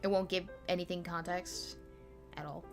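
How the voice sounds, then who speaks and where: A woman's voice: lowish voice, steady tone, normal speed, faint music behind. A woman co-hosting a casual podcast, asking curious, dry questions about a film she hasn't seen. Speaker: podcast co-host. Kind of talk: casual chat.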